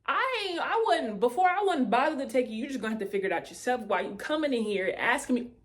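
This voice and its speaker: A woman telling a personal testimony in a casual, animated way, speaking straight to her listeners. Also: on the high side, rapid-fire.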